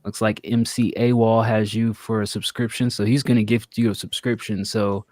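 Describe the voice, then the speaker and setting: A man's voice: lowish voice, flat delivery, moderate pace, a little mellow, no echo, clean studio sound. A man hosting a casual live-stream show, playful and fond of long explanations. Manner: playful, explains things at length. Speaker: podcast host.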